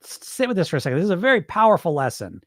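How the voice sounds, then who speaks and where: A man's voice: high voice, big pitch swings, rapid-fire, a bit bright, no room sound, studio quality. A man coaching on weight loss in a livestream, answering chat in a blunt, profane, fired-up way.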